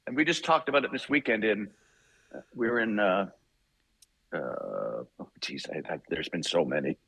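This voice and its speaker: An older man from Canada, a voice actor guest, telling animated anecdotes in a casual interview, acting out voices and laughing often. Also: fairly low pitch, normal speed, creaky, breathy edge, dry recording.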